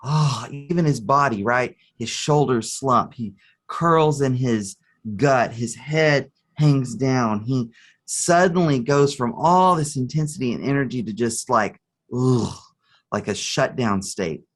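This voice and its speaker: A man's voice: mid-range voice, takes it slowly. A man, a therapist guest on a podcast, explaining with a story and clinical terms. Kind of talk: podcast interview.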